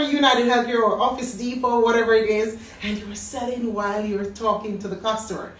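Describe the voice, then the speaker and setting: A woman in her thirties with a Jamaican accent, telling a personal story in a lively way and acting out what people said. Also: on the high side, brisk, hardly any pauses. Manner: animated storyteller acting out quotes. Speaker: business talk host. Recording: roomy, distant mic.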